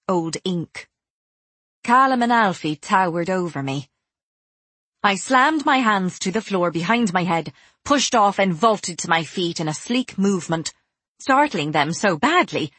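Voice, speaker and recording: Husky low-voiced woman narrating an audiobook. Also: dry recording. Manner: cool, measured, quietly menacing in dialogue. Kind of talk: first-person audiobook narration.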